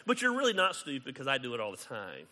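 A man preaching a sermon as pastor, conversational and animated, acting out quoted exchanges. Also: mid-range voice, fast talker, big-room sound, slight background noise.

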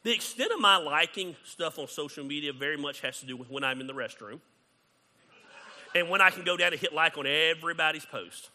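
A man preaching a sermon as pastor, conversational and animated, acting out quoted exchanges. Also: fairly high pitch, a little fast, long reverb tail.

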